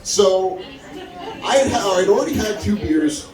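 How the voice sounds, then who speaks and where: A man telling a stand-up story at a comedy club open mic, acting out the people he quotes with big jumps in his voice. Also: measured pace. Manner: animated, acts out quotes with big pitch jumps. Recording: echoey room, mic from far, crowd audible. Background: audience laughing.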